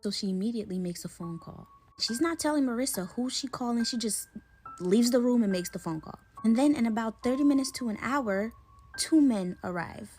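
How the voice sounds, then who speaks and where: A young woman casually retelling a creepy story in a chatty, slangy way, with dramatic pauses. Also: fairly high pitch, lively intonation, a little mellow, faint music behind.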